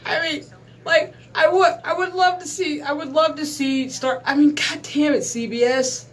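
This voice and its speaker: A man's voice: very high-pitched, steady tone, moderate pace, fairly bright tone. A man in his thirties, hosting his gaming channel, rants in a casual, profane monologue and talks with exasperated emphasis. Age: 30s.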